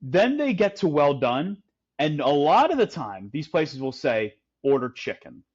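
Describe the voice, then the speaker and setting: A man's voice: fairly high pitch, big pitch swings, measured pace, slightly rough, lo-fi sound. A man co-hosting a casual podcast, telling a story with lots of restarts and fillers. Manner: rambling storyteller with many restarts. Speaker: podcast co-host. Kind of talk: casual chat.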